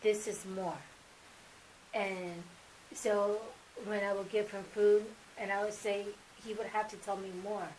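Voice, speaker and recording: A mother speaking as an interview guest, telling family stories in a casual, animated way and acting out remembered dialogue. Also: medium pitch, measured pace, slight background noise, poor audio. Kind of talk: casual sit-down interview storytelling.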